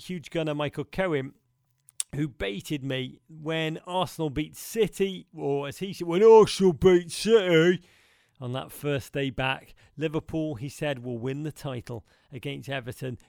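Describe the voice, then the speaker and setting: A man's voice: a little high, gravelly, dry recording, clean studio sound. A man hosting a podcast, answering listener questions in a wistful, rambling, emphatic way. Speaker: podcast host.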